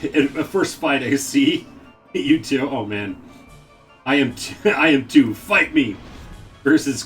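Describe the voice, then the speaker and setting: A man hosts a live game stream, chatting casually, reading viewer messages aloud, and laughing often amid excited exclamations. His voice is medium-pitched and the mic sounds distant.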